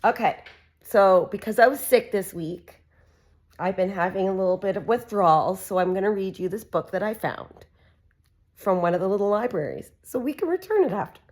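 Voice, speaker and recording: A woman's voice: mid-range voice, expressive, moderate pace, darkish tone. A woman reading a farm animal picture book aloud to a small child, making the animal sounds in a sing-song way. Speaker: reader for a child.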